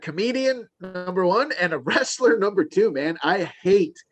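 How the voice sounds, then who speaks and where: Chatty comedian guest, a bit high-pitched. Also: male voice, expressive, no echo. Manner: chatty, quick reactions, laughs along. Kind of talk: casual podcast chat.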